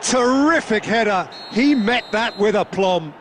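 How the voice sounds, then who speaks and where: A man voicing a male football play-by-play commentator in a video game, calling the match with lively swings up to excited shouts. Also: high voice, a little slow, slight background noise. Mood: measured.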